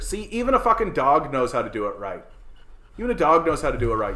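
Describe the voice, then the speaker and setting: A man's voice: mid-range voice, very animated, fast, pushed and bright, a little hiss or hum. A man from Canada hosting a podcast in a heated, profane rant, repeating "right?" again and again. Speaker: podcast host. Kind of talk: casual ranting monologue. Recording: echoey room.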